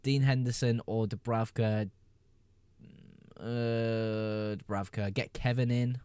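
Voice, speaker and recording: A man hosting a casual fantasy football live stream, reading viewer questions aloud, answering them quickly and laughing often. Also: medium pitch, steady tone, dark tone, clean tone, no room sound.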